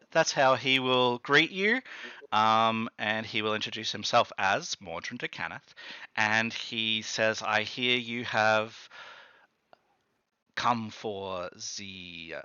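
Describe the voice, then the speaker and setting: A man's voice: medium pitch, sharp tone, clear, resonant tone, dry recording, lo-fi sound. A man narrating a tabletop game as game master, hesitant and full of ums and restarts.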